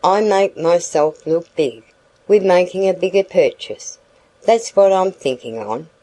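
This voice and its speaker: Storybook peddler, young man, sly and flattering, rustic speech, read by a woman; unhurried, mellow. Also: lowish voice, close to an everyday voice, poor audio. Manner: rustic dialect, wheedling flattery.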